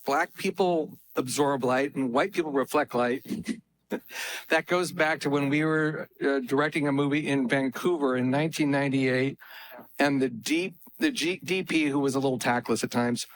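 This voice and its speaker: A man's voice: mid-range voice, normal speed, rough recording. Amused male screenwriter telling a story. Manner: amused storyteller, laughing as he tells it. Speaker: screenwriter on a panel. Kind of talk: panel anecdote.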